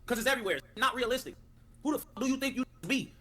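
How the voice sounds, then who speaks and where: A man's voice: extremely high pitch, very fast. A man delivering a profane, repetitive livestream rant. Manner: animated, repetitive, cursing.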